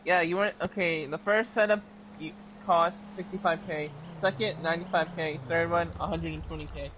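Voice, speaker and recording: High-voiced man rambling through game talk. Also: fairly even intonation, normal speed, a bit bright, slight background noise, low-quality recording. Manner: loose, rambling explanations. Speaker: gaming friend on stream. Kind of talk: casual gameplay chat.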